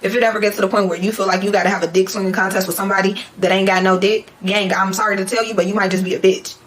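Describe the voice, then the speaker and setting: A young woman vlogger telling a story in a casual, animated way, full of slang and swearing. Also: mid-range voice, rapid-fire. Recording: echoey room.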